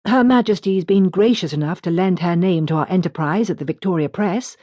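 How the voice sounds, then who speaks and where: A woman's voice: fairly low pitch, fairly quick, mellow, no room sound, pitched above the performer's own voice, natural voice. Woman playing an earnest, flustered young printer. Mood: proud.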